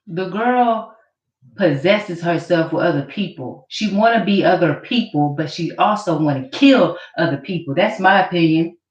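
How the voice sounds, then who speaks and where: A woman's voice: lowish voice, animated, moderate pace. Woman ranting at the camera, calls people out, repeats herself, echoey room, muffled audio. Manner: accusatory, mocking, repeats herself. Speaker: vlogger. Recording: roomy, distant, dull camera audio.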